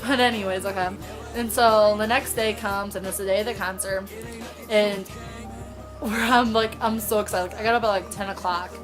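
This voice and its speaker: A woman from Indiana telling a story in a casual vlog, excited and rambling, filling her talk with "like". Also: mid-range voice, normal speed, music in the background. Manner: excited, rambling, heavy use of "like". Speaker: vlogger.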